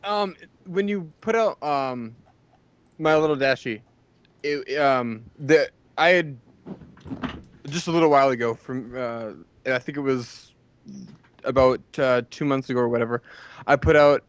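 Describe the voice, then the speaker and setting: A man on a podcast asking a long question, hesitant and full of pauses. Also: medium pitch. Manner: hesitant, many ums and restarts. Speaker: podcast co-host. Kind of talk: casual chat, asking a question.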